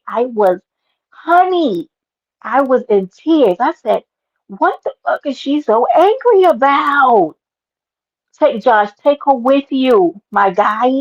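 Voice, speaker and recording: A woman hosts a livestream, chatting loudly with viewers and calling them out by name. Her talk is brash and animated, with plenty of swearing. The stream audio sounds dull and lo-fi. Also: fairly high pitch, vocal fry. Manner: loud, animated, talks to chat by name, swears. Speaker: livestream host. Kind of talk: casual livestream chat reading comments.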